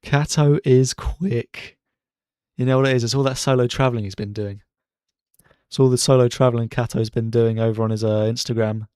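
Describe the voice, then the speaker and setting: Man, live watchalong commentary, excitable and chatty, dry close-miked bedroom. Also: mid-range voice, fast, smooth, dry recording. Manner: chatty and excitable, cheering drivers on. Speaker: streamer hosting a racing watchalong. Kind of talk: live casual race commentary. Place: bedroom at home.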